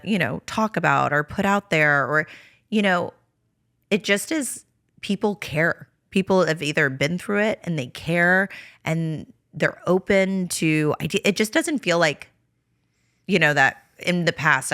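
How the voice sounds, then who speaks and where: A woman's voice: sits low, fairly bright tone, dry recording, clean studio sound. A young woman co-hosting a podcast in casual chat, rambling with lots of "like" and "you know". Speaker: podcast co-host.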